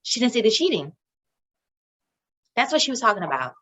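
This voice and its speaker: A woman co-hosting a casual chat show, measured and reasoning, often putting questions to her partner. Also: a little high, very animated, a bit bright, a little hiss or hum. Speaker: podcast co-host.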